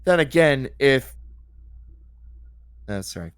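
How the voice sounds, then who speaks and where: A man's voice: mid-range voice, very animated, slow pace, slight background noise. A man co-hosting a livestream, chatting casually and laughing easily while a game plays. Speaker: co-host. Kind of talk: casual gaming chat.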